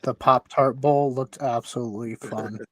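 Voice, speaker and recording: A man's voice: medium pitch, steady tone, moderate pace, no room sound. Easygoing male podcast host, dry sound. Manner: easygoing, chatty, laughs often. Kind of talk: casual sports chat.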